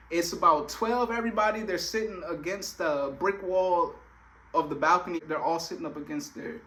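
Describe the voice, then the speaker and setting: Brief: young man telling a story, casual slang, bright and highish voice. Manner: slangy, animated, lots of filler phrases.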